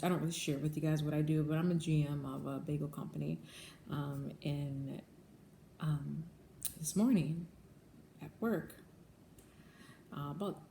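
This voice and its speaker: Her voice sits low with a warm tone while she, a woman running a bagel shop, recounts a story for her vlog audience. Earnest and repetitive, she often calls them "guys." The recording has an echoey room sound and faint background noise.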